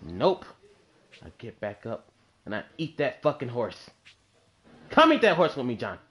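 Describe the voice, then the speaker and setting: A man's voice: medium pitch, sing-song, measured pace, fairly bright tone. A man hosting a casual gaming session with a friend, crude and teasing, swearing often. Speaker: gaming channel host. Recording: dull lo-fi capture with faint noise.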